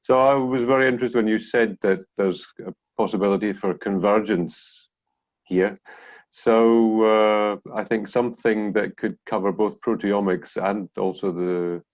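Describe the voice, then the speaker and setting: A man's voice: lowish voice, steady tone, a little slow. A man working as a sequencing researcher, commenting eagerly in an online meeting with many fillers and restarts. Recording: muffled video-call audio.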